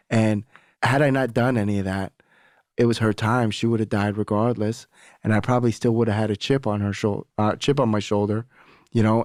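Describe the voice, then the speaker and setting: A young adult man appears as a podcast guest, candidly telling a personal story in casual talk, swearing freely and acting out the voices of the people he quotes. His voice is fairly low with a darkish tone. The studio-quality recording has no echo.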